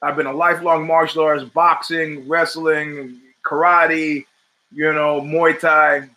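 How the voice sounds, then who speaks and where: A middle-aged man holds forth as a podcast host in a forceful, bright-edged voice pitched a little above the usual male range. He talks in an emphatic, rhetorical way, firing off questions and repeating phrases to drive points home. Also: little pitch movement, unhurried. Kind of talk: opinionated monologue.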